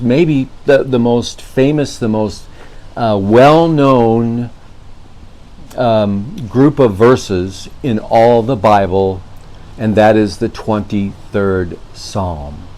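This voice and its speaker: A man hosting a spoken devotional, talking in an earnest, unhurried way and often restarting his phrases. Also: medium pitch, darkish tone, poor audio. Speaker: devotional host.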